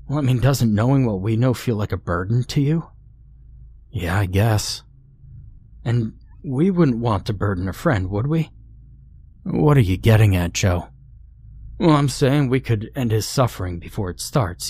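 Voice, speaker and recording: Man voicing unhinged young man, insistent, coaxing, quietly menacing. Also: on the low side, animated, moderate pace, husky.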